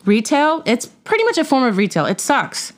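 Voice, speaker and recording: A woman's voice: high-pitched, moderate pace. Blunt, exasperated woman ranting about customers. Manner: blunt, swears freely, animated and exasperated. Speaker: podcast host. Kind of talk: casual storytelling rant.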